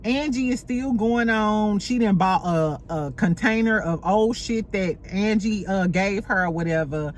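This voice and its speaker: A woman hosting a casual reality TV recap at home, animated and profane. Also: medium pitch, a little slow, few pauses, a little hiss or hum. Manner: animated, mimics cast members, profane. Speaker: podcast host recapping reality TV.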